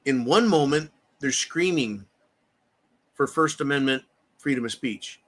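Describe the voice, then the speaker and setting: A man's voice: mid-range voice, animated, unhurried, fairly bright tone. A man hosting heated political commentary, ranting angrily with profanity and repeating phrases for emphasis. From United States.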